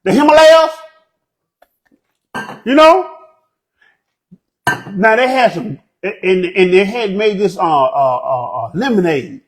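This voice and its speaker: A comedian telling funny stories in an animated way, slipping into a put-on proper voice. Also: male voice, high voice, normal speed, hardly any pauses, poor audio. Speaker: comedian guest. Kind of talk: comic storytelling.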